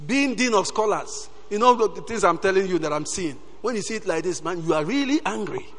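A man preaching with a high, ringing voice. His delivery is animated, and he keeps breaking in with calls of praise. The sound carries a long hall reverb, as if from a large church. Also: a little fast, slight background noise. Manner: animated, peppers talk with "Hallelujah". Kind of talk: sermon.

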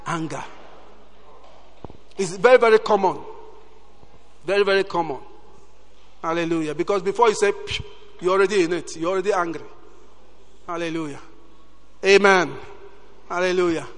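A man preaching with a high, ringing voice. His delivery is animated, and he keeps breaking in with calls of praise. The sound carries a long hall reverb, as if from a large church. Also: normal speed, pauses often. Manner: animated, peppers talk with "Hallelujah". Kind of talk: sermon.

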